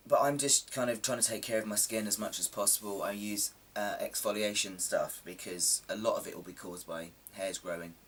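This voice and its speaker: A man's voice: lowish voice, steady tone, brisk, hardly any pauses, a bit bright, distant mic, a little hiss or hum. A man in casual chat to camera, rambling and self-deprecating with plenty of ums, his voice a little coarse from a sore throat. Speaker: vlogger.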